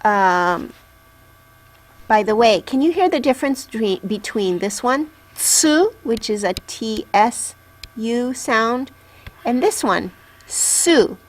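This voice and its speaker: A woman's voice: fairly high pitch, expressive, takes it slowly. A woman teaching Japanese syllables in a patient lesson, carefully sounding each one out and checking in with the learner. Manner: patient, clearly enunciating syllables. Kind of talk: slow, patient language lesson.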